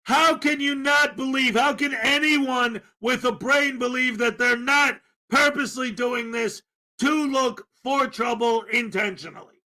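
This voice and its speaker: A man's voice: very high-pitched, steady tone, unhurried, pushed and bright. A man hosting a commentary show, ranting with exasperated disbelief about a clip he just played. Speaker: commentary host.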